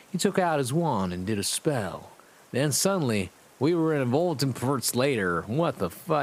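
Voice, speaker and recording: A young man streaming a comic read-through of a fan story, breaking off with sarcastic, laughing asides. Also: medium pitch. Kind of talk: comic live-stream reading with commentary.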